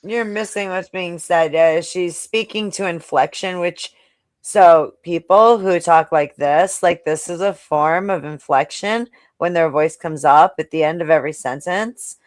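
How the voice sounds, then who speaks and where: A woman's voice: on the low side, normal speed, few pauses, no room sound. Firm woman hosting a live panel. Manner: firm, moderating. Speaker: panel host. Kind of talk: casual live-stream panel talk.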